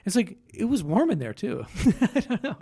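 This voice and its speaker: A man's voice: high-pitched, very animated, normal speed, dark tone, breathy edge. A man hosting a casual podcast chat, rambling with many restarts and frequent laughs. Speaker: podcast host.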